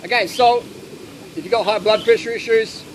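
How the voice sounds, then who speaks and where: Blunt, fairly high-voiced man outdoors. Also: moderate pace. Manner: blunt, animated storytelling. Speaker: speaker answering audience questions. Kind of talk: casual Q&A talk with anecdotes. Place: outdoor festival gathering. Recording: noisy outdoor ambience with traffic.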